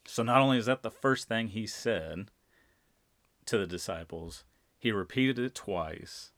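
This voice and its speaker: A man preaching a sermon, speaking deliberately and repeating key phrases for emphasis. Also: lowish voice, lively intonation, fairly bright tone, no echo. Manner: slow, deliberate, emphatic repetition.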